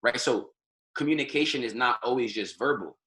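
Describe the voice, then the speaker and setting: A man's voice: medium pitch, brisk, bright, forceful tone. A man giving an informal motivational lesson on a group call, repeating phrases and tagging nearly every point with "right?". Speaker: trading community call leader.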